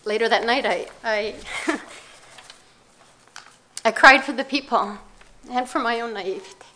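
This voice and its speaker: Older woman, slightly high voice, reflective personal storytelling talk, measured delivery with pauses. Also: bright, forceful tone. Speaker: speaker giving a talk.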